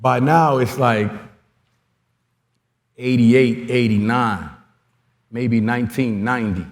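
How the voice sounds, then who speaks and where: A man in his forties giving an animated storytelling talk at a coaching conference, acting out quoted dialogue as he goes. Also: medium pitch, takes it slowly, creaky. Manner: lively storyteller who acts out quoted dialogue. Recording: long hall reverb.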